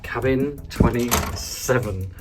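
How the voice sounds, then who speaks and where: A man's voice: mid-range voice, takes it slowly, noisy background. A man presenting a travel vlog, joking and theatrical as he walks through an airport and into a tiny hotel cabin. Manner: playful, theatrical, self-mocking. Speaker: travel vlogger.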